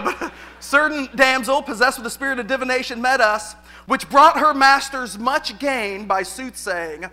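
A pastor preaches to his congregation with animated energy. His voice is very high and strikingly bright. He doubles up words as he goes and laughs easily. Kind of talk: sermon.

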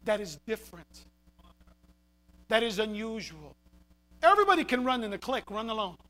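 A man with a very high voice preaching a sermon. He moves between fiery shouted points and soft, hushed asides, punching key phrases with repetition. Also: moderate pace. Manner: animated, shouting for emphasis, then dropping quiet.

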